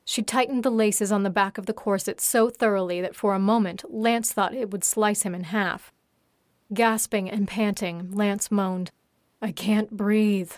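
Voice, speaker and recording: A woman reads an audiobook in a steady, even voice. Her pitch sits in a medium range. The recording is dry and close. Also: moderate pace, no echo. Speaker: narrator. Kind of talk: audiobook narration.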